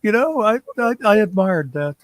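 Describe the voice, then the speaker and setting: A man's voice: high-pitched, animated, normal speed, no echo. Blunt joking man chatting on a stream. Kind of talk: casual livestream chat.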